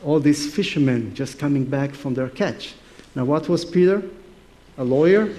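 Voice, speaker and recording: Animated male preacher. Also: fairly high pitch, normal speed. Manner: animated, playful storytelling. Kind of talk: sermon.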